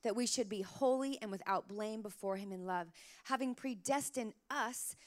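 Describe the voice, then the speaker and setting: A woman's voice: medium pitch, moderate pace. A woman in her thirties preaching a sermon to mothers, telling personal stories in a chatty way full of "like" fillers. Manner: warm storytelling, chatty with many "like" fillers. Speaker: pastor.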